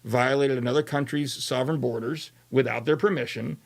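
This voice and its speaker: Gravelly-voiced man in discussion. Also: mid-range voice, fairly even intonation, fairly quick. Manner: hesitant, restarts, thinks aloud. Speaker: talk show host. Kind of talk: casual panel discussion.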